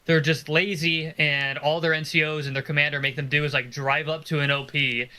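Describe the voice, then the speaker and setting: A man with a fairly high, bright voice joins a podcast from home over an internet call. He talks in a laid-back, casual way and swears freely. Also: flat delivery, brisk. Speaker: podcast guest. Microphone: remote call over home internet.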